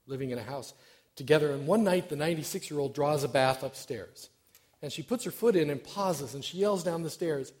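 A man's voice: fairly high pitch, darkish tone. Self-deprecating middle-aged male lay preacher. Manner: self-deprecating, hesitant with many fillers. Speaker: church stewardship director preaching. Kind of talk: informal sermon.

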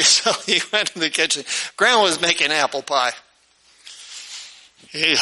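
A pastor tells a lively story from the pulpit and jumps into the characters' voices as he goes. His voice is high for a man and very bright and sharp. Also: moderate pace, long pauses, rough recording. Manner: animated, acts out the characters' voices. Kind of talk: storytelling sermon.

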